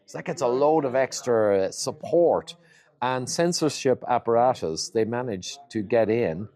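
A man's voice: mid-range voice, animated, unhurried, mellow. A man speaking as an interview guest, laying out his points one by one in an emphatic, list-like way. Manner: lays out points in lists, emphatic. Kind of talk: interview conversation.

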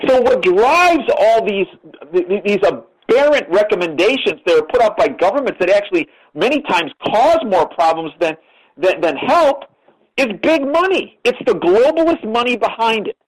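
Older male interview guest, emphatic storyteller, slightly higher voice, radio sound. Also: very animated, normal speed, low-quality recording. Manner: emphatic, repeats words when starting sentences.

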